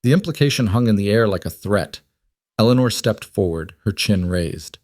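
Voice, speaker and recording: A man narrating a scripted story in an even, measured way. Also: lowish voice, no echo, studio quality.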